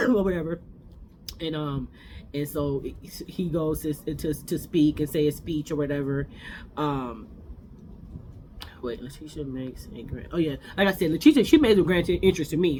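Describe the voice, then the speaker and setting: Rambling recap host, mid pitch, super opinionated, faint noise behind. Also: moderate pace, a little mellow. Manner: rambling, opinionated, chatty with frequent restarts. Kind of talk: casual reality TV recap.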